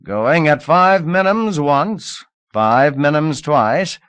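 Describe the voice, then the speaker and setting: A man's voice: on the high side, expressive, slow pace, a bit bright, clear, resonant tone, no room sound, pitched above the performer's own voice. A man voicing a nervous, fawning male slave auctioneer who pleads and chants bids. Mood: chanting. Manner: pleading, wheedling, sing-song chanting.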